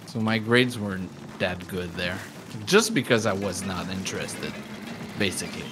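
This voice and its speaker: A man's voice: low voice, expressive, normal speed, over music. A man hosting a live stream, chatting casually in a rambling, self-deprecating way and laughing often. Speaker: livestream host.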